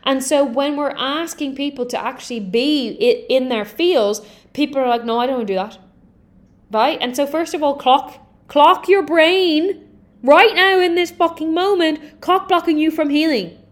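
Her voice sits high but her pace is measured as this young adult healing coach talks through her podcast, casual, energetic and frank, cursing without hesitation.

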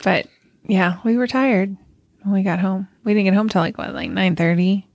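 A woman's voice: medium pitch, moderate pace, darkish tone, no echo. Chatty middle-aged woman, dry close mic. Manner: chatty, laughs easily. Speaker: podcast co-host. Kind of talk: casual chat.

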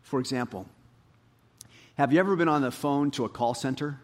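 A man preaching a sermon as pastor, animated, rising to emphatic highs and dropping low. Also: fairly quick.

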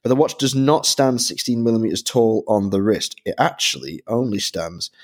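Low-voiced man explaining in detail. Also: lively intonation, moderate pace. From Britain. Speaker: podcast co-host. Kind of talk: podcast product review.

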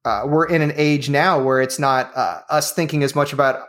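Chatty man telling stories, high voice. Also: moderate pace, fairly bright tone. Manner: storytelling with many fillers. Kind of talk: casual chat.

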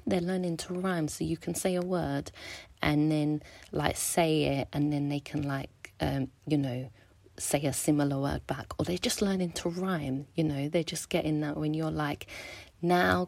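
A woman in her thirties chatting between songs as a home radio DJ, excitable and often dropping into soft half-whispers. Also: sits low, vocal fry. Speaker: mum hosting a home radio mixtape. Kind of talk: casual chat between songs. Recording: dry close recording with faint music behind.

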